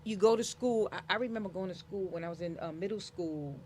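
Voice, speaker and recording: A woman author in an interview, speaking in an animated, emphatic, motivational way and acting out the voices she quotes. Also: mid-range voice, quick pace, slight background noise. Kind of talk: casual interview conversation.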